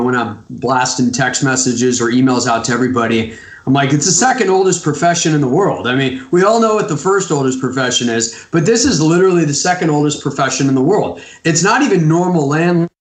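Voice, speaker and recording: A man co-hosting a podcast interview over an online call, chatting casually in an excitable, self-deprecating way, often restarting his sentences. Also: mid-range voice, brisk, reverberant. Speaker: podcast co-host.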